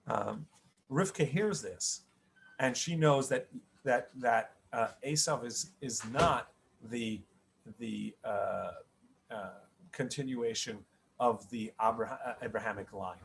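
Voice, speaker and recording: A man's voice: mid-range voice, slow pace, gravelly, a little hiss or hum. A middle-aged man, a rabbi, giving a conversational spoken Torah lesson, often restarting his sentences and checking in with "right?". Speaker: rabbi teaching the weekly Torah portion.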